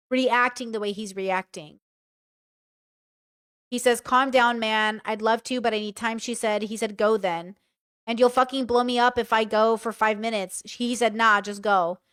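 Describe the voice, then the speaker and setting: Clear-voiced young woman reacting frankly. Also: a little high, no echo, clean studio sound. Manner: reads messages aloud and comments frankly, swearing. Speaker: commentary streamer. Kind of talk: casual reaction commentary.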